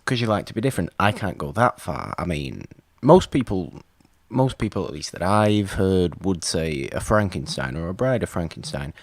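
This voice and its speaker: A man's voice: low-pitched, big pitch swings, moderate pace, dry recording. A man co-hosting a casual movie podcast, teasing his friend in a dry way. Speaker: podcast co-host.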